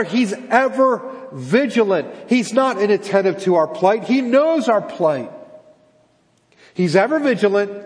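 A pastor with a high, slightly mellow voice preaches a sermon earnestly, posing rhetorical questions and repeating his words. The recording carries the long reverb of a large hall.

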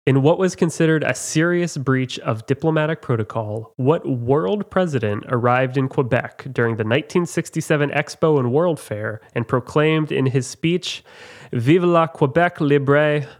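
A man's voice: mid-range voice, moderate pace, few pauses. A man hosting a casual trivia quiz, reading out questions and joking about himself, with many fillers. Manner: reads questions, chatty and self-mocking, many fillers. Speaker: quiz host.

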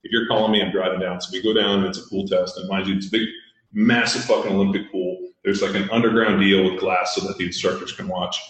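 Male podcast host, low-pitched, blunt and profane storyteller, strong room echo. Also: fairly even intonation, fast talker, fairly bright tone. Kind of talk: casual storytelling chat. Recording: very echoey room.

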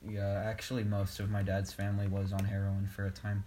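Very low-voiced, flat young woman. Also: brisk. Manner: rambling storyteller. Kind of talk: casual chat.

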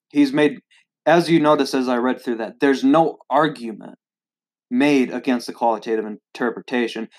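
Hesitant man critiquing a theological article. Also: mid-range voice. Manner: hesitant, lots of fillers and restarts; reads long quoted passages aloud. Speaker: video host.

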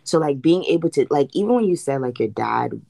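Woman, very low gravelly voice, relaxed co-host, dry mic. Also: brisk, no echo. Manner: laid-back, gives many short agreeing replies. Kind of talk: casual chat.

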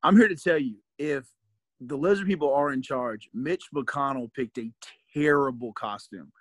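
A middle-aged man with a Southern US accent co-hosts a casual podcast conversation, speaking at normal speed with a medium-pitched voice. He makes his points emphatically and restarts often, and there's no echo.

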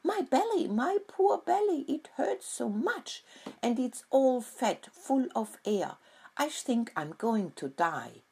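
A woman's voice: sits high, sing-song, takes it slowly, creaky, mellow, breathy edge, voice pushed up, heavily acted. A woman voicing a whining male pig who has eaten too much, wailing and moaning in a storybook.

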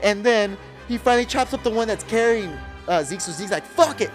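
Man co-host, rapid-fire profane anime recap, music faint underneath. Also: lively intonation. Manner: profane, acts out character lines in a low voice. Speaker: podcast co-host. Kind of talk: excited anime episode recap.

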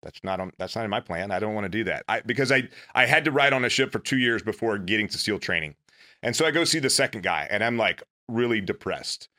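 Casting: man, lowish voice, bright tone, earnest storyteller with a self-deprecating streak. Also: expressive, fast talker. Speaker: former Navy SEAL guest. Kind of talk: casual storytelling.

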